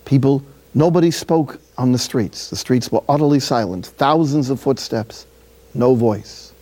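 A friar from City, preaching a sermon through a lively personal story with acted-out dialogue. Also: male voice, mid-range voice, measured pace. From Jersey City, New Jersey.

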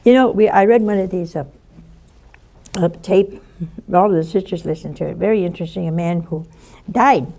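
Gravelly-voiced woman telling a story in a sermon. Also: on the low side, moderate pace, pauses often. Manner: animated storyteller who acts out quoted voices.

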